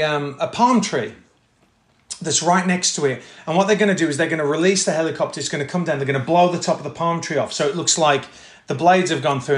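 Man, fairly high voice, animated storyteller, acts out quotes, echoey room. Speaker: actor guest. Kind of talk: casual interview storytelling.

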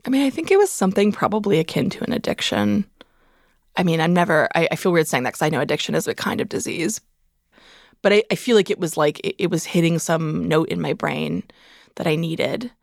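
A woman's voice: deep voice, big pitch swings, brisk, dry recording, studio quality. A woman in her thirties, a memoir author, telling a personal story candidly and casually, with lots of "like" fillers. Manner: casual, heavy use of "like" fillers.

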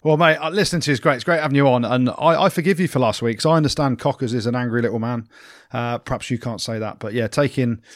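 Man, podcast co-host, playful mocking, mid pitch, dry sound. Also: quick pace, no room sound. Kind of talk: casual podcast banter.

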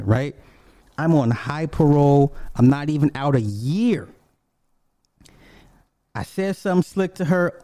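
A man telling a personal story in a casual, profane, animated way, swinging from low mutters to high exclamations. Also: no echo.

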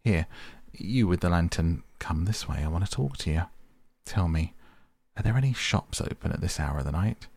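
A man voicing a confident male water rat who gives brisk, hearty orders in a storybook reading. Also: low voice, lively intonation, gravelly, darkish tone, no room sound, heavily acted.

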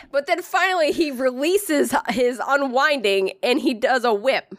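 A woman's voice: sits high, a little slow, hardly any pauses, no echo, clean studio sound. A young woman telling a story in casual chat, swearing freely and filling her speech with "like.". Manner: profane, animated storyteller, many "like"s.

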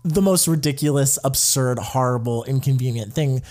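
This podcast co-host is a man in casual chat, an animated storyteller who acts out quotes with lively flair. His voice is mid-range and his pace moderate.

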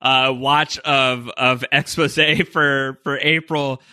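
A man co-hosting a podcast in casual chat, opinionated and animated, often restarting his sentences. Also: medium pitch, slow, smooth, no echo, clean studio sound. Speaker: podcast co-host.

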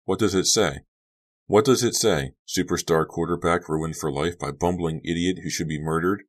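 A man's voice: low voice, normal speed. A man voicing a tense, defensive teenage boy whose voice rises sharply when he gets angry. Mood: irritated. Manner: rising and sharp in anger.

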